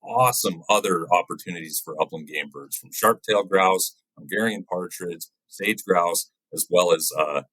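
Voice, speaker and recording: A man's voice: low-pitched, normal speed, hardly any pauses, sharp tone, slightly rough, dry recording, low-quality recording. A man who works as a wildlife biologist, a guest chatting casually in an interview and often ending his points with "right?".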